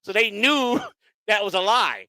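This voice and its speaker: With a high-pitched, sharp yet clean voice and lively intonation, a man speaks a little slowly on an echo-free recording. As a guest sharing his own story, he's blunt and constantly profane, acting out what others told him.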